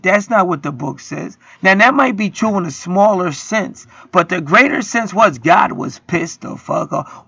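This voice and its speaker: Heated, profane preacher man with a gravelly edge. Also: sits high, lively intonation, moderate pace, pushed and bright, dry recording, highs cut off. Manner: profane, heated, rants and acts out quotes. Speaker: internet preacher. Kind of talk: street-style preaching monologue.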